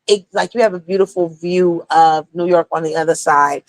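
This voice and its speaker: A woman's voice: fairly low pitch, fairly even intonation, moderate pace, no echo. A young woman talking casually on a livestream, blunt and profane, rambling between topics as a streamer.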